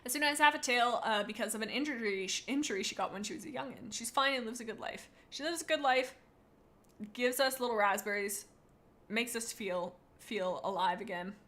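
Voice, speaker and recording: A woman's voice: a little high, fairly quick, a bit bright. A woman chatting on a live stream, rating viewers' cats, reading chat aloud in a bubbly, rambling, playful way.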